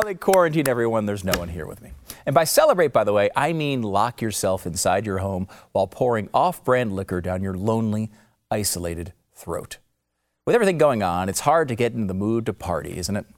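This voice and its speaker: A man's voice: fairly low pitch, sing-song, fairly quick, faint music behind. Sarcastic male comedy podcast host. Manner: sarcastic, theatrical swings of voice. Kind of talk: comedic monologue.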